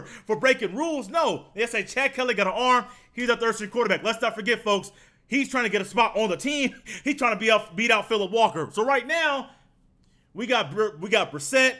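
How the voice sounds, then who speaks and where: A young man hosting a solo sports podcast, telling a story in a casual, excited way. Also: high voice. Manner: excited, animated storytelling with laughs. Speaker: podcast host.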